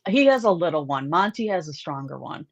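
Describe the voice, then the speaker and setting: Brash New York woman hosting a chat, lively swooping delivery, dry sound. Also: deep voice, a little fast, no room sound, dull audio. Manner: brash, laughs often. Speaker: host. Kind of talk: casual chat on a live stream.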